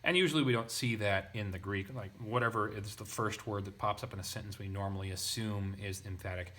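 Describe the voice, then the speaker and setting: Low-voiced man thinking aloud over Greek text. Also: a little fast, a bit bright. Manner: thinking aloud, hesitant, many restarts and asides. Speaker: Greek language teacher. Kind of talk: casual lesson.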